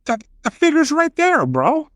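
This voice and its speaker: An excited man on a podcast, his voice swooping up and down as he makes his points with emphasis. The sound is dry and close to the mic. He sometimes drops a Spanish word into his talk. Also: very high voice, unhurried, dry recording. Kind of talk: casual chat.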